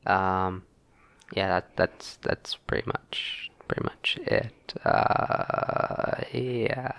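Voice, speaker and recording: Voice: low voice, big pitch swings, very slow, gravelly, sharp tone. A young player in a tabletop game podcast who jokes in a self-mocking, mock-dramatic way. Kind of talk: joking casual chat during a tabletop game.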